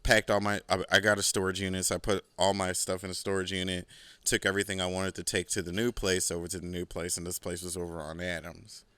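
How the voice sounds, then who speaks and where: Man, podcast host, rambling cussing monologue, bright crisp dry voice. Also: deep voice, little pitch movement, fast talker, no echo. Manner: rambling, profane storytelling. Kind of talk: casual solo podcast monologue.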